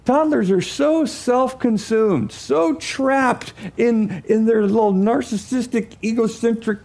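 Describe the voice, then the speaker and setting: A man with a high-pitched voice gives a teaching talk to an audience. He is animated and acts out his examples. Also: slow, creaky. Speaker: speaker.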